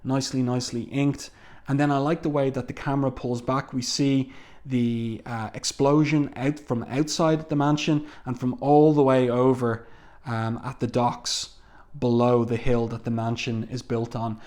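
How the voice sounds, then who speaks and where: Casual male comic reviewer, relaxed, talks through panels with ums. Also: medium pitch, normal speed. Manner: walks through panels, reads dialogue aloud, frequent ums.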